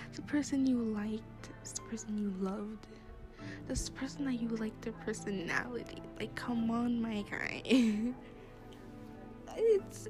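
A young woman hosting her own podcast in casual, rambling chat, with plenty of fillers and laughs, recorded while she sits in a classroom. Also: a little high. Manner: chatty, rambling, laughs often, many fillers. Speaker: podcast host. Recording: music behind the voice.

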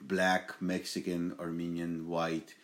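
A young man with a very deep voice hosts a homemade podcast. He rambles casually, stopping and restarting with plenty of fillers. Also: monotone, takes it slowly. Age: young adult. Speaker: podcast host.

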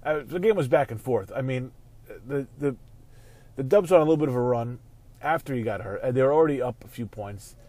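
A man hosting a casual sports talk show from his car while driving, ranting and swearing, quick to flare into angry outbursts. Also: medium pitch, expressive, dark tone, dry recording. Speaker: show host.

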